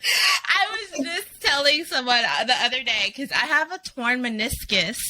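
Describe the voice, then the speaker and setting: A woman hosting a podcast in casual chat, loud and profane, laughing a lot. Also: sits high, expressive, unhurried, a little hiss or hum. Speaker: podcast host.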